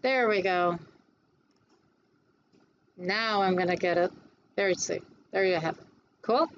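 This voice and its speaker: A woman instructor giving a classroom lecture on design software, chatty and quick to answer her own questions. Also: lowish voice, lo-fi sound, slight background noise.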